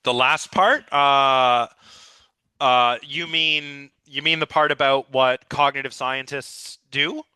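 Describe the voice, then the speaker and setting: A man's voice: mid-range voice, fairly even intonation, takes it slowly, sharp tone, clean tone, dry recording. A man lecturing a live philosophy class with eager, rambling enthusiasm, his voice a little scratchy. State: slightly scratchy voice.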